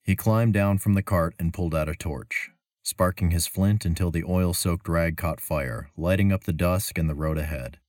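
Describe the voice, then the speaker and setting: A man narrating a fantasy story as an audiobook, measured and even. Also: low voice, no echo, studio quality.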